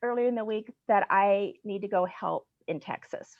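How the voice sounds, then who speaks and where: A middle-aged woman, a guest on the show, telling her personal story in an earnest, excitable way, at times close to tears, over a video call. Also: mid-range voice, normal speed, dry recording, lo-fi sound. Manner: earnest, excitable, gets choked up. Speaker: guest, business owner. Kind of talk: emotional personal story in a casual chat.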